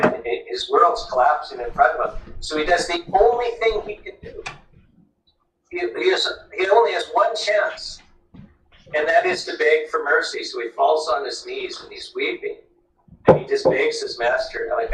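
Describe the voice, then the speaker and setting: A man's voice: a little high, a little slow. A man casually retelling a parable as a guest, his talk full of "you know" and "like". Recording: echoey room, far from mic, faint noise.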